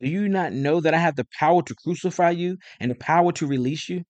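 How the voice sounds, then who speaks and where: A man's voice: a little high, fast, darkish tone, no room sound, pitched above the performer's own voice, natural voice. A man voicing a stern, uneasy Roman governor who presses with firm questions.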